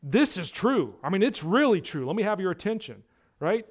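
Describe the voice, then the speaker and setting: High-voiced man preaching emphatically. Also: very animated, normal speed. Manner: emphatic preaching, repeats words for emphasis, swings between hushed and loud. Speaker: pastor. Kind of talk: sermon.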